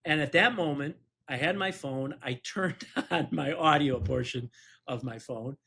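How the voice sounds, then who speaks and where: Higher-pitched man telling a story. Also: unhurried, gravelly, pushed and bright, breathy edge. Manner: chuckles through anecdotes, acts out quoted voices. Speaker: personal injury attorney, podcast co-host. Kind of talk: casual podcast storytelling.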